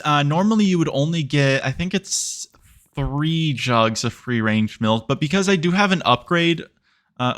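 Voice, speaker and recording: A man's voice: mid-range voice, sharp tone. A young man giving casual, chatty commentary over a farming game, playfully exasperated and talking to the animals on screen. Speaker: gaming YouTuber.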